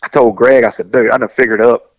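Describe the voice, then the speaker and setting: A middle-aged man, casually telling a long, animated story and acting out the voices of the people in it. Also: mid-range voice, brisk, dry recording, low-quality recording. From US South. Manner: rambling, animated, acts out quoted voices.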